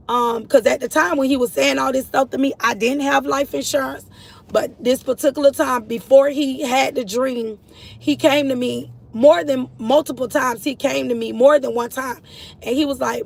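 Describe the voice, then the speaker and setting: A woman's voice: sits high, fairly even intonation, moderate pace, creaky, low-quality recording. A middle-aged woman giving a personal testimony about her late son, earnest and repetitive, speaking to her listeners as y'all. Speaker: grieving mother sharing her story. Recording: outdoor street noise, vehicles passing.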